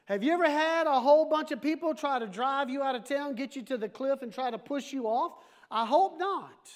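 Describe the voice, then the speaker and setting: High-voiced preacher guy, animated, joking with the church as he preaches. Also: a little fast. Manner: animated preaching with playful asides. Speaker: pastor. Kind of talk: sermon.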